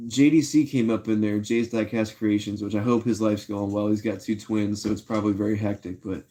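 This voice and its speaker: A man's voice: on the low side, steady tone, brisk, mellow. Laid-back slangy man livestreaming. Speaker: live streamer. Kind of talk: casual livestream chat.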